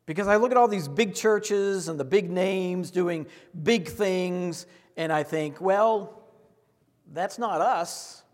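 High-voiced pastor preaching in a church. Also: male voice, takes it slowly. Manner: earnest, repetitive preaching cadence. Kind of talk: sermon. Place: church sanctuary. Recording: long hall reverb.

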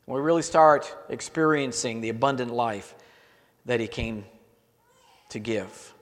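A male pastor preaching a sermon in a church, in an earnest way, often letting his phrases trail off softly at the ends. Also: medium pitch, a little slow. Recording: long hall reverb.

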